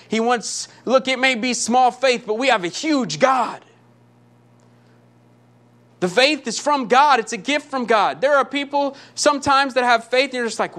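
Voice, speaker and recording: Guy preaching hard, high voice, keeps repeating lines and asking the crowd questions. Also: a bit bright. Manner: impassioned, emphatic repetition, rhetorical questions. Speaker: pastor. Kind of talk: sermon.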